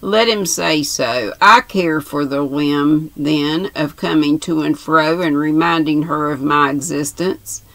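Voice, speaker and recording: A woman's voice: sits low, slow, few pauses, a bit bright, no echo, exaggerated voice. A woman reading aloud who voices a resentful young man speaking with cold defiance. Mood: defiant.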